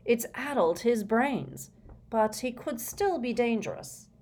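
A woman voicing a cold, brisk male wizard minister who speaks curtly and matter-of-factly. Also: very high-pitched, very animated, gravelly, darkish tone, pitched above the performer's own voice, exaggerated voice. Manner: curt, cold, matter-of-fact.

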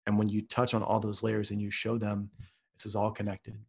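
As a podcast guest, an Oklahoma author and speaker from the US Midwest tells a vivid, earnest story in conversation. He speaks fairly quickly in a low, monotone voice with a breathy edge.

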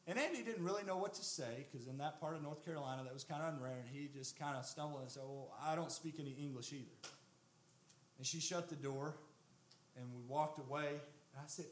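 A man's voice: a little high, bright, forceful tone. A young man preaching a sermon to his congregation, earnest and emphatic, repeating words for stress.

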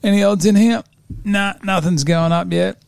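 Gravelly, dark-voiced man in his forties. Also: high-pitched, steady tone, moderate pace, dry recording, clean studio sound. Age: 40s. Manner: chatty, laid-back, laughs often. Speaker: podcast host previewing fights. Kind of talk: casual chat.

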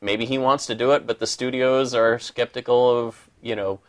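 A man co-hosting a podcast in casual chat, chiming in with quick agreement and repeating words as he starts sentences. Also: mid-range voice, steady tone. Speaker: podcast co-host.

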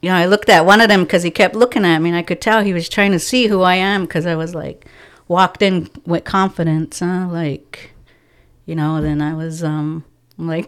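A woman telling stories in a casual podcast chat, animated, acting out the dialogue of the people in it and laughing often. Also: fairly low pitch, moderate pace, smooth. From from a First Nations reserve community. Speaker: guest, community outreach organizer.

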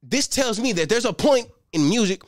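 Animated male stand-up comic. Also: high-pitched, normal speed, no room sound, studio quality. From Los Angeles. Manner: animated, profane, streetwise banter with shouted bursts. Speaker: stand-up comedian. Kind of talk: stand-up routine.

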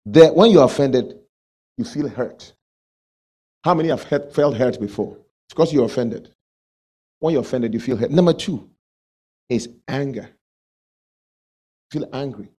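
A man's voice: mid-range voice, unhurried, long pauses, mellow, breathy edge. A male pastor preaching a sermon, asking the congregation questions and acting out everyday quarrels.

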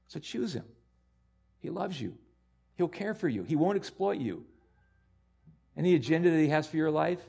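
A man preaching a sermon as pastor, earnest and repeating himself, building to loud emphatic peaks. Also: a little high, sing-song, normal speed, creaky, long pauses, slightly rough.

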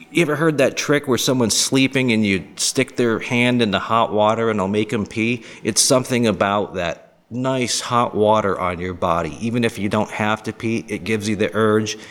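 A man from the area hosting a podcast, rambling through crude, jokey topics with quick mocking voices. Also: lowish voice, fairly bright tone. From Boston area, US. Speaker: podcast host. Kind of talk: casual monologue.

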